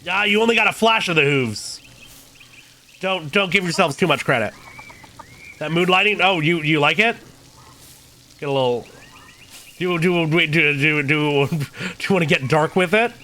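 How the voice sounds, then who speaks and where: A man's voice: a little high, normal speed, pauses often, bright, forceful tone. A young man streaming a game, joking and stammering in casual chat. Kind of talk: casual let's-play chat.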